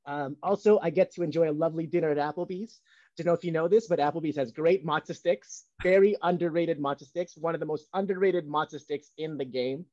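A man's voice: a little high, brisk, darkish tone, dry recording, lo-fi sound. A man co-hosting a podcast in casual banter, joking and rambling with lots of ums. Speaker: podcast co-host. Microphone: home setup on video call.

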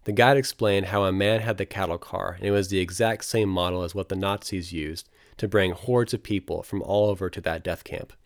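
Guy with a low voice reading his travel story, quiet and somber, dry close mic. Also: fairly even intonation, brisk, hardly any pauses, no echo. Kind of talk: scripted narration.

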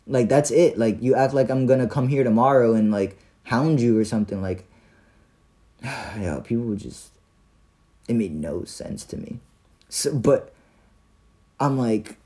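A young man casually telling a story about his day, animated and profane, full of slang and fillers. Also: medium pitch, unhurried, long pauses.

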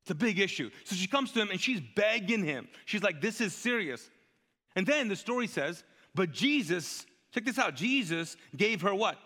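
A male pastor preaches in a high, bright, forceful voice, chatting with the congregation and peppering his sermon with rhetorical questions and call-and-response prompts. His voice rings out with a long reverb, as if he is on stage in a large church auditorium. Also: animated, moderate pace.

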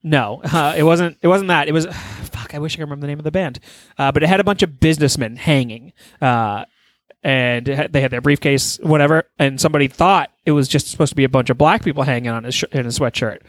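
A man co-hosting a casual chat, telling rambling stories with swearing and pauses. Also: fairly high pitch, no echo. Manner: rambling anecdotes, swearing, trailing off.

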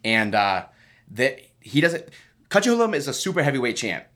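A man's voice: mid-range voice, big pitch swings, normal speed, fairly bright tone. A man telling a story in casual chat, rambling and swearing, acting out what other people said. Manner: rambling, profane, acts out other people's lines. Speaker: fighter telling a fight story.

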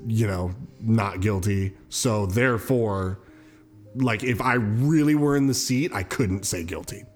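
Animated casual man telling a crime story. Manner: animated, swearing, jumps into high mocking voices. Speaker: podcast host.

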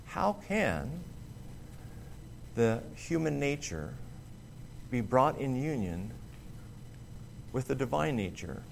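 A man delivers a sermon in an earnest, emphatic manner, with a voice of ordinary middle pitch. He often pauses and restarts, leaning hard on key words. A faint hiss sits under the recording. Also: very animated, creaky. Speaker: preacher.

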